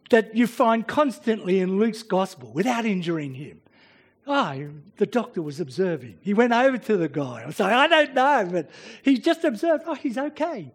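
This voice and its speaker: A man delivers a sermon on a Bible passage, taking it slowly and deliberately. His voice sits high for a man. He often restarts his phrases and breaks into the voices of the people he quotes. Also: fairly bright tone. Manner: expository preaching with frequent restarts, acting out quoted voices. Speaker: preacher.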